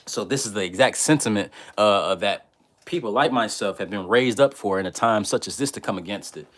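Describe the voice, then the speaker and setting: A man ranting on a live stream, heated and repetitive, swinging from a low mutter to loud outbursts. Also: expressive, brisk. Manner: many fillers and restarts. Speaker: online commentator.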